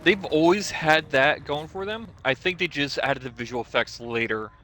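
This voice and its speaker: Bright-voiced laid-back gamer man. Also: on the high side, moderate pace. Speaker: co-player on a game stream. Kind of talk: casual gameplay chat.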